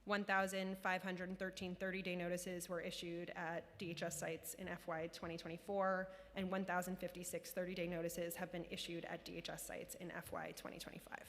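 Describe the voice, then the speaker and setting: A woman city official giving formal testimony at a council hearing, in a measured delivery of prepared remarks and figures. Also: on the low side, flat delivery, a bit bright. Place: council chamber. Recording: long chamber reverb.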